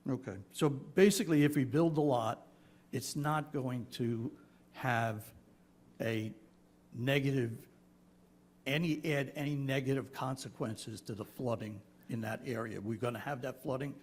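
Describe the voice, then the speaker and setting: A man's voice: mid-range voice, unhurried, a little mellow. A man, a town official, explaining a project at a public meeting in a reassuring, explanatory way. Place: town board meeting room.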